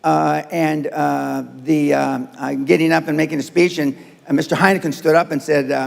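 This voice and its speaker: A man's voice: fairly high pitch, level tone, moderate pace, creaky. A man giving a blunt, profane business talk before a live audience, repeating his points for emphasis. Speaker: business speaker. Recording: reverberant hall.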